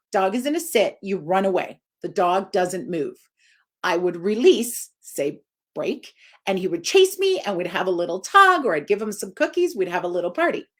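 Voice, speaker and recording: A woman in her forties, a dog trainer, speaks in an informal live video talk. Her voice is expressive and swings up high for emphasis.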